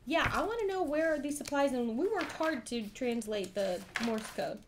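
A woman's voice: high voice, lively intonation, moderate pace, noisy background. A woman streaming a game, reading the entries aloud and chatting playfully with her co-player. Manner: playful, giggly, breaks into song. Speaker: streamer running a solo-style game. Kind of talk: reading a gamebook aloud with casual chat. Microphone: streaming microphone.

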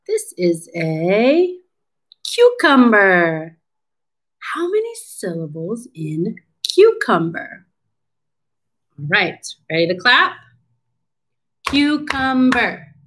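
Slow, sing-song woman teaching children. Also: on the low side, huge pitch swings, a bit bright, husky, low-quality recording. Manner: slow, sing-song, encouraging teacher talk with drawn-out words. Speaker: speech therapy clinician. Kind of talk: children's syllable-clapping lesson.

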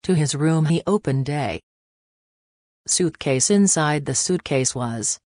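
A woman reading a storybook aloud with a low, slow voice. Her delivery stays steady and unhurried, and the sound is close and dry with no room around it. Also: dry recording. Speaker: narrator. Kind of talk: storybook narration.

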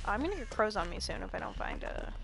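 A young woman streaming a game, excitable and dramatic, swearing often in casual chat. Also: mid-range voice, fast, vocal fry, background noise.

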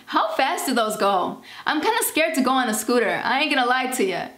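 A chatty young woman in her twenties speaks frankly and quickly in a high voice. The room is echoey, and faint music plays behind her. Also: big pitch swings. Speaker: vlogger. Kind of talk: casual vlog chat.

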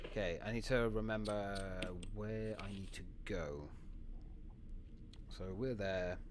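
A man's voice: on the low side, fairly even intonation, slow pace, noisy background. Rambling, sweary man streaming a game. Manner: rambling, sweary, grateful, laughs often. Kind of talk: live gameplay stream chat.

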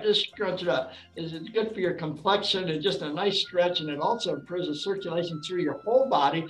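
A man's voice: high-pitched, brisk, hardly any pauses, fairly bright tone, reverberant, faint music behind, rough recording. A man instructing a virtual fitness class, upbeat and coaxing, laughing often as he guides. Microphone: video call.

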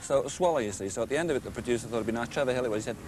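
A man's voice: medium pitch, racing, background noise. An older man reminiscing outdoors in a chatty, enthusiastic way. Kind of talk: casual reminiscing.

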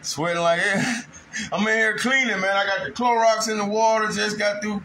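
A man's voice: high-pitched, steady tone, moderate pace, sharp tone, a little hiss or hum, rough recording. A man telling a rambling, aggrieved story in casual monologue at home, breaking into raised outbursts. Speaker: vlogger. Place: home kitchen.

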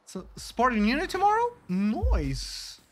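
Excitable British man streaming a game. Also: very high-pitched. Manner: chatty, excitable, greets chat and reacts loudly. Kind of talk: live gameplay commentary. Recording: game music behind voice.

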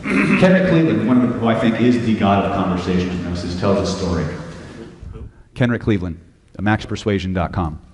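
A man's voice: fairly low pitch, lively intonation, brisk, in a large hall, a little hiss or hum. A man teaching hypnosis at a live seminar, blunt and profane, often quizzing the audience. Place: lecture hall with audience.

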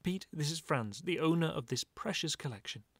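A man's voice: fairly high pitch, animated, moderate pace, husky, no echo. A man voicing a proud, emotional gallery owner who talks in a friendly, earnest way. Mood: proud, warm.

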